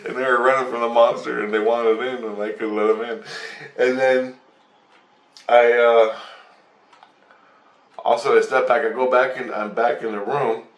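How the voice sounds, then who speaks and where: A man telling a rambling story of a vision, excitable, swearing and acting out voices. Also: mid-range voice, normal speed, long pauses. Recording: roomy, distant from mic.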